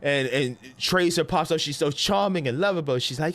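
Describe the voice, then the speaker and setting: A man with a New York accent ranting casually on a game live stream, animated and slangy with lots of restarts. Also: high voice, normal speed. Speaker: gaming streamer.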